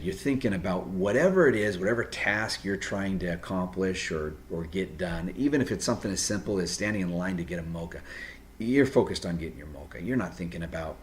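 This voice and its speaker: A man talking straight to viewers, giving earnest, direct advice off the cuff, pausing and restarting as he thinks. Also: sits low, slight background noise. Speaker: video host giving personality-type advice. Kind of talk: unscripted advice monologue.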